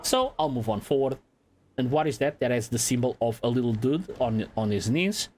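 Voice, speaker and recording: A man giving casual let's-play commentary in a relaxed, playful way, swearing now and then. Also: medium pitch, moderate pace. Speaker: gaming channel host.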